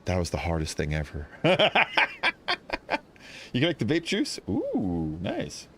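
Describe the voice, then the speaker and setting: A man chatting excitedly while streaming a video game, rambling and laughing often. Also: on the low side, takes it slowly, a little hiss or hum. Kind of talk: casual gameplay commentary.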